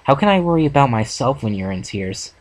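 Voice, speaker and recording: A man voicing a male pony who is gently comforting a mare, read softly and reassuringly. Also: mid-range voice, very animated, fairly quick, pitched above the performer's own voice, natural voice. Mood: tender. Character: tender male pony, comforting his crush.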